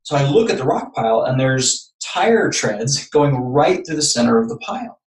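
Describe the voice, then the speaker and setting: Podcast guest, earnest man from texas, mid-pitch voice, sits back from the mic. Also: expressive, moderate pace, recorded from a distance. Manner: earnest, building up anecdotes step by step. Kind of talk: personal storytelling. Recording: echoey room, voice off-mic.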